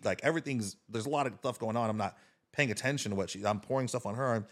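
A man telling a casual story as a podcast guest, animated and swearing freely, talking with his hands. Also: on the low side, fast.

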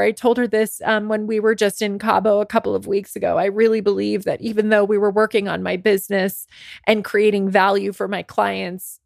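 A woman's voice: medium pitch, vocal fry, no room sound, clean studio sound. A woman around forty, hosting her podcast, tells a candid personal story. She says she is worn out and under the weather, and her talk gets emotional and full of restarts. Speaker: podcast host and business coach.

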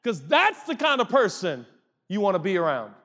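A male pastor giving a sermon, animated and joking, with rhetorical questions. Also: high voice, normal speed.

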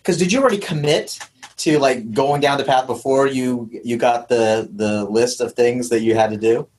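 A man hosts a relaxed interview and asks probing, reflective questions. His voice is husky and a little raspy, at a middling pitch, and he pauses and restarts as he thinks aloud. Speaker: interview host from the dojo. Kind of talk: conversational interview.

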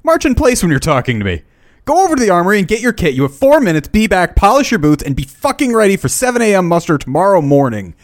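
A man's voice: high-pitched, very animated, quick pace, dry recording, clean studio sound, voice pushed up. A man reading aloud as a profane male lance corporal barking orders at fresh recruits. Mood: furious.

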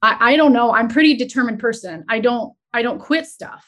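Woman, guest, entrepreneur, earnest, halting, emotional storytelling. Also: fairly high pitch, a bit bright. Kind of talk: candid conversational storytelling.

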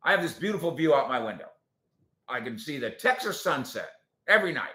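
A man's voice: on the high side, brisk, echoey room. A man hosting a casual sports talk show, ranting with strong opinions. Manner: opinionated, animated rants.

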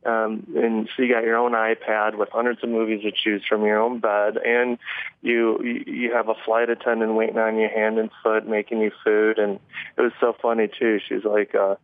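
A man being interviewed over the phone about his fighting career, talking haltingly with many restarts and chuckles. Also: on the low side, little pitch movement, dry recording. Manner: halting, restarts often, chuckles between thoughts. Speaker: MMA fighter guest. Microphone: phone call. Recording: tinny phone line.

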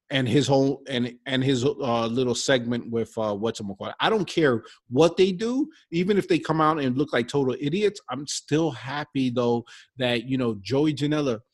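In casual wrestling talk on a podcast he co-hosts, a man with a mid-range voice speaks at a moderate pace, animated and rambling, and he tends to repeat himself.

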